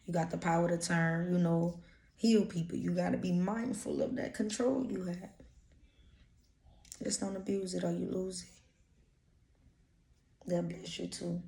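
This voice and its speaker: Lady doing intuitive readings, lowish voice, straight talk and cussing, roomy sound. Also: steady tone, unhurried, vocal fry, pauses often, mellow. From Louisiana. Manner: blunt, profane, streetwise slang. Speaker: intuitive reader. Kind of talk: casual channeled energy reading. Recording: roomy echo.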